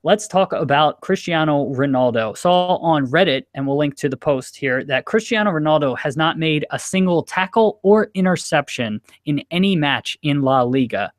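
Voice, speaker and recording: A man co-hosting a casual soccer podcast, talking briskly and steering the conversation between segments. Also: fairly high pitch, lively intonation, dry recording, studio quality. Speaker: podcast co-host.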